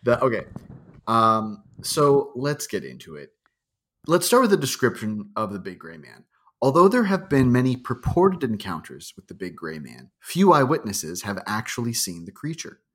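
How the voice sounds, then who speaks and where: A man's voice: sing-song, normal speed, a bit bright, husky. A man co-hosting a podcast, joking casually and reading spooky accounts aloud. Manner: joking, reads quotes in a low rustic voice. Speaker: podcast co-host.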